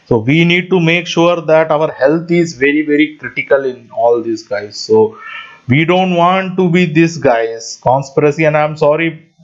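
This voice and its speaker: A man with a somewhat high voice hosts his own channel, talking off the cuff in English that is not his first language. He rambles, breaks into quick laughs mid-sentence and keeps calling his viewers "guys". The audio is dull and lo-fi. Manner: non-native English speaker. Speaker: channel host. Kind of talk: casual rambling monologue.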